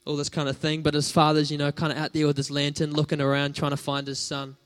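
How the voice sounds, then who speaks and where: Higher-voiced man preaching a sermon. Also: monotone, fast talker, a bit bright, clear, resonant tone. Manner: conversational, storytelling with fillers.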